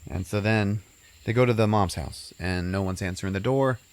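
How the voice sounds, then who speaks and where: A man's voice: lowish voice, normal speed. A man hosting a podcast and casually recapping a movie in a rambling way, full of fillers. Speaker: podcast host.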